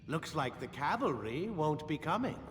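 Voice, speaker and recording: A sneering cold scientist captor. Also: male voice, on the high side, very animated, normal speed, a bit bright, long reverb tail, slight background noise. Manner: curt, commanding, sneering. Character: cold middle-aged male scientist holding a prisoner.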